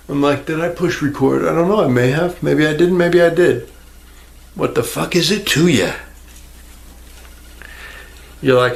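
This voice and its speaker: A man's voice: fairly high pitch, unhurried, gravelly, long pauses. A man rambling casually to the viewer in a crude, self-mocking home vlog, recorded on a camera mic at home. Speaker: YouTuber. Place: indoors at home, near a fish tank. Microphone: camera microphone.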